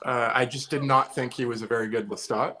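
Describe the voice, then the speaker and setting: A man in a casual podcast chat from home who talks in a thoughtful, hedging way. His voice is mid-pitched for a man, and he weighs each opinion before settling on it. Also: steady tone, brisk, pushed and bright, rough recording. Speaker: co-host. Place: home, remote live show during lockdown.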